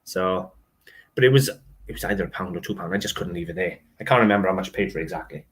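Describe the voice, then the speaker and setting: A man's voice: sits low, quick pace. A man hosting a casual video, chatting through his antique finds and laughing often. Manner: chatty, laughs often, admits trouble reading dialect. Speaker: antiques dealer and channel host. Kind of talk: casual show-and-tell.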